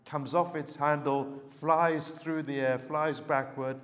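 A man preaching a sermon, telling a story in an earnest, unhurried way. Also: a little high, steady tone, a bit bright, in a large hall.

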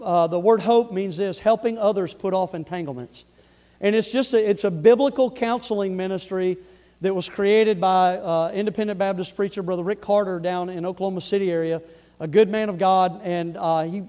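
Preacher, man, fairly high voice, sermon storytelling with big loud-to-quiet swings and repeated phrases. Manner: swings from loud, rising build-ups to hushed, low delivery.

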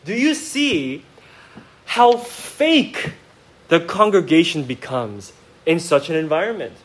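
A man preaching a sermon from the pulpit of a church, his voice pitched a little high and his intonation rising and falling in wide swings. He speaks straight to the congregation with rhetorical questions. He moves between quiet, reflective moments and impassioned, emphatic bursts. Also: big pitch swings, slow, low-quality recording. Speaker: pastor. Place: church sanctuary.

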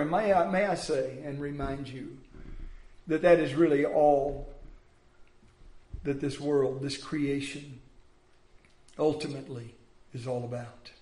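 High-voiced preacher in an echoey church. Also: male voice. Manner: dramatic, acts out voices of biblical figures, swings loud and soft. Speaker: pastor. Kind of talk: sermon. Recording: echoey room.

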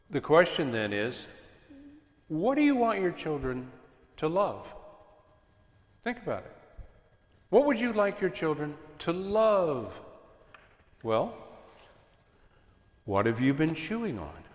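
A man preaching earnestly to a congregation about raising children, animated as he makes his points. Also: mid-range voice. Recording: echoey hall with long reverb.

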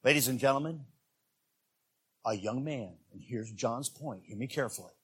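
In a church sermon, a visiting evangelist speaks straight to the congregation, his husky, medium-pitched voice rising to loud, shouted peaks on key words. His pace is moderate.

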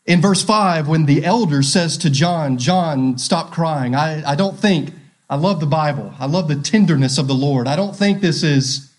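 A man's voice: a little high, moderate pace. A male pastor preaching a sermon, asking rhetorical questions and repeating key phrases.

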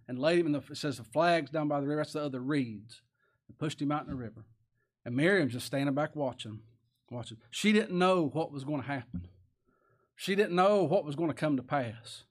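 A man preaching a sermon in a folksy way, asking the congregation rhetorical questions and chuckling to himself. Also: fairly high pitch.

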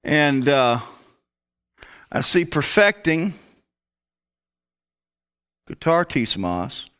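A male pastor teaching from scripture in a relaxed, conversational way, explaining each step of his study. His pitch moves a lot, rising high when he gets excited. He drops into low muttered asides now and then. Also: very slow, clean tone. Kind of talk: Bible teaching sermon.

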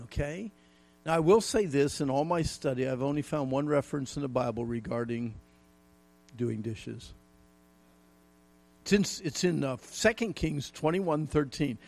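A man's voice: fairly high pitch, darkish tone. A middle-aged man preaching a folksy, emphatic sermon with jokes and repetition. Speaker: pastor.

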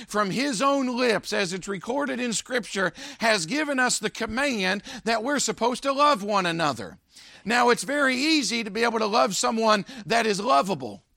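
A man preaching a sermon as pastor, with emphatic swells and sudden loud peaks. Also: high voice, vocal fry, no echo, clean studio sound.

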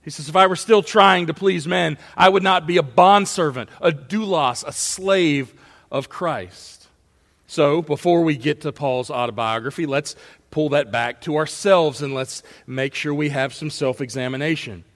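A man preaches an expository sermon in a church sanctuary, earnest and steady, then rising into emphatic rhetorical questions. His voice sits a little high for a man. A long reverb trails each phrase through the hall. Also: measured pace. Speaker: pastor.

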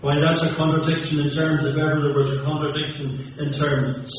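Sing-song preacher in an echoey hall. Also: male voice, fairly high pitch, little pitch movement, fairly quick, hardly any pauses. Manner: impassioned, rising and falling between loud and hushed. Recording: very echoey hall from far off with faint noise.

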